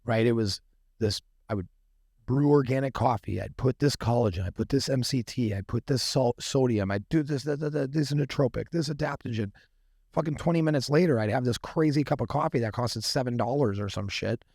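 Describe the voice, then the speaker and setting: A man's voice: mid-range voice, a little fast, darkish tone, no room sound, clean studio sound. A man talking as a podcast guest and company founder, telling stories casually and animatedly, swearing freely and acting out the people in them. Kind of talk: casual storytelling. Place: podcast studio room.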